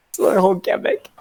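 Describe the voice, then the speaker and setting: A woman player chatting casually and narrating her character's actions, often laughing. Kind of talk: casual tabletop play.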